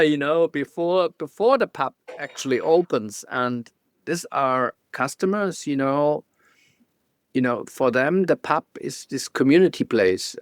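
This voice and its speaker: A man with a German accent, a guest photographer telling stories in a casual interview, halting and restarting often with small laughs. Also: mid-range voice, clean tone, no echo, studio quality.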